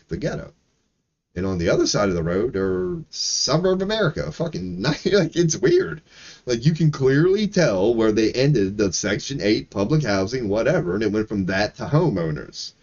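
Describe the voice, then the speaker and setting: A man's voice: lowish voice, normal speed, highs cut off. A man from Maryland, a streamer, ranting casually with lots of swearing and laughing asides. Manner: profane, animated, laughing asides. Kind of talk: casual livestream rant.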